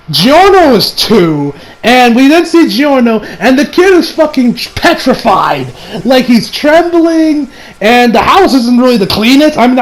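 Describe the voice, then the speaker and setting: A man's voice: very high voice, rough recording. A young man giving a casual, rambling anime review, full of slang and frequent laughter.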